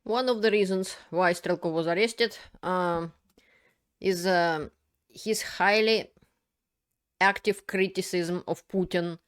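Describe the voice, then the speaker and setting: A woman hosting her own political video channel, explaining events in a casual, unscripted way with halting, explanatory delivery. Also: lowish voice, fairly even intonation, clear, resonant tone. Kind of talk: casual spoken commentary to camera.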